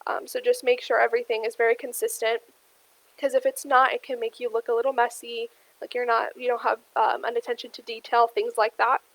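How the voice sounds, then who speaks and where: A young adult woman presents a lesson in a steady, explaining way, often pausing on ums. Her voice sits a little high for a woman. The recording is dry and close, with no room sound. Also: dry recording, low-quality recording. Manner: steady explainer with frequent ums, addresses "you guys". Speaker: career workshop presenter. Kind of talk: instructional presentation.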